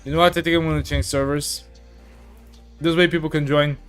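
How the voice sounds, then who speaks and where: A man's voice: fairly high pitch, level tone, a little fast, clean tone, faint music behind. A man streaming a game, chatting casually, reading chat aloud and filling gaps with "like" and "uh". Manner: chatty, reads chat aloud, many fillers. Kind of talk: casual live-stream commentary.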